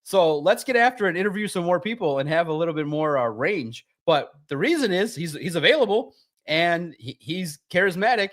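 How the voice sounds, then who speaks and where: Man, fairly high voice, animated sports talk, emphatic pitch jumps. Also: fairly quick. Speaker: sports show co-host.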